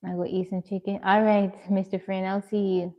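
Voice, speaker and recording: A woman's voice: mid-range voice, moderate pace, dull audio. Chatty woman streaming from home. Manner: relaxed, chatty, answers viewers one by one. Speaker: livestreamer. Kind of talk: casual live-stream chat reading comments.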